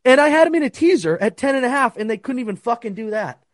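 A man's voice: extremely high pitch, lively intonation, quick pace, no room sound, clean studio sound. A young man hosting a casual sports betting talk, ranting heatedly and swearing often. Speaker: sports betting podcast host.

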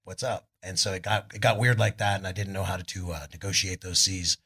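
A middle-aged man from California, a guest musician telling laid-back, animated stories at a live podcast show, acting out what others said. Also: low voice, quick pace, slightly rough. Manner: laid-back, animated storytelling with voices for quotes. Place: arts club on stage before an audience.

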